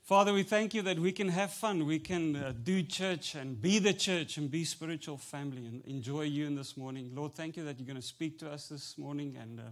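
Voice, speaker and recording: A man with an Afrikaans accent delivers a sermon, his voice sitting a little higher than most men's. He jokes easily, slips between English and Afrikaans, and pushes into loud, emphatic preaching. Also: brisk, hardly any pauses. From South Africa. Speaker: pastor. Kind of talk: humorous sermon.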